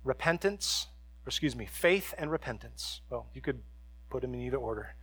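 A man preaching a sermon as a pastor, moving between hushed, quiet stretches and emphatic, raised passages. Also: medium pitch, animated, moderate pace, no echo.

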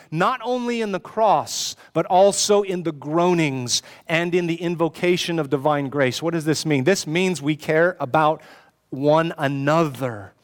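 A man's voice: sits high, clear, resonant tone, long reverb tail. A man preaching a sermon as pastor, earnest and pleading, often asking rhetorical questions.

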